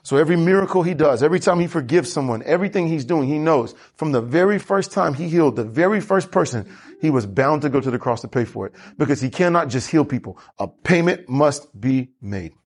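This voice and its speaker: Husky-voiced man preaching. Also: fairly high pitch, brisk. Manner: animated preaching with congregation call-and-response. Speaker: pastor. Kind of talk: sermon.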